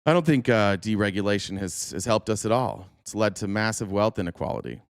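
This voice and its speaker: A man live-streaming, arguing his points in a quick, rapid-fire rant. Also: on the low side, expressive, no room sound, clean studio sound.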